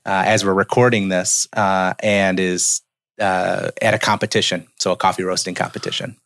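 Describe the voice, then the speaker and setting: A man who runs a business, a guest on a podcast, speaking in an earnest, measured way that trails off quietly. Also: deep voice, little pitch movement, creaky, no room sound. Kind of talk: casual interview chat.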